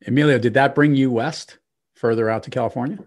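A man hosting an interview podcast, asking questions in a halting way as he searches for words. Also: mid-range voice, fairly even intonation, a little mellow. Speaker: podcast host.

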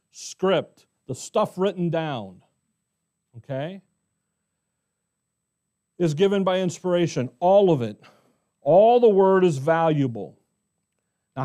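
A middle-aged American pastor teaching verse by verse in a conversational way, often asking the congregation questions. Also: male voice, on the high side, mellow. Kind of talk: expository Bible teaching.

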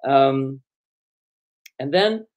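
A hoarse man talking on a live stream, retelling an encounter with animated, indignant energy. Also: medium pitch, very slow. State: hoarse from shouting. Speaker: online commentator.

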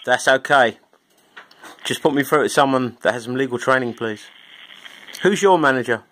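A man's voice: medium pitch, normal speed, a bit bright. A man calling on the phone and needling the person who answers with sarcasm. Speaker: caller. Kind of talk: recorded phone call. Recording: noisy phone line.

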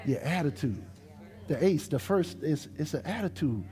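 A middle-aged man from New Orleans with a New Orleans accent, a pastor preaching a lively sermon to his congregation in a church. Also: a little high, normal speed. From New Orleans, USA. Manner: animated preaching, dialect-rich, talks straight to the congregation. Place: church sanctuary.

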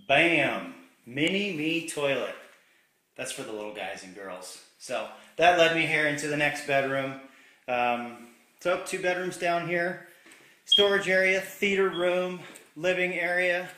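A man's voice: fairly high pitch, a little slow, pushed and bright. A man giving a casual, upbeat and jokey walkthrough tour of a large house, filmed on a handheld camera as he walks from room to room. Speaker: real estate agent giving a property tour. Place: inside a large empty house, walking room to room. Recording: echoey empty rooms.

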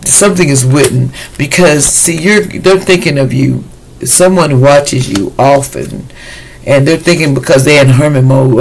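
Gravelly-voiced man giving a chatty tarot reading. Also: mid-range voice, a little hiss or hum, rough recording. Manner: chatty, loose and slangy, addresses viewers directly. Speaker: tarot reader. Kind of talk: casual weekly tarot reading.

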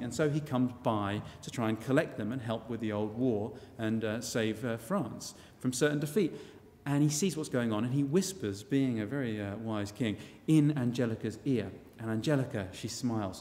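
A man telling a story live in a wry, chatty, animated way. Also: mid-range voice, moderate pace. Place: church. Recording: long church reverb.

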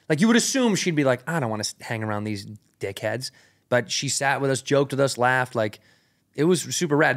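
A man, a comedian guest on a podcast, telling a long story in casual, slang-heavy, swearing chat into a studio mic. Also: mid-range voice. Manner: loose and slangy, peppered with "like" and "rad", swears freely.

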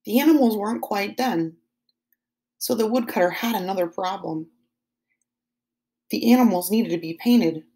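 A woman teaching second graders, asking slow, encouraging questions about a story. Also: medium pitch, warm tone. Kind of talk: online lesson for young children.

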